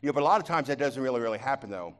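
A male pastor delivering a sermon in a mid-pitched voice. He drops to a low, hushed register, then climbs to loud, high-pitched fervor. Words tumble and repeat when he is moved. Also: expressive, rapid-fire. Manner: swings from quiet, low confiding talk to loud, high impassioned preaching.

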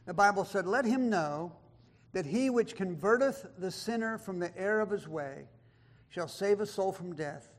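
A man preaching a sermon, emphatic, swinging from loud declarations to hushed asides and reading scripture in old-style wording. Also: sits high, animated, normal speed. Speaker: pastor.

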